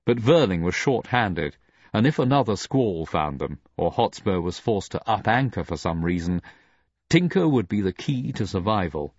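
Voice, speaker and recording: A man narrating an audiobook in a dramatic, expressive reading. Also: lowish voice, moderate pace, breathy edge, no echo, highs cut off. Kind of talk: scripted narration.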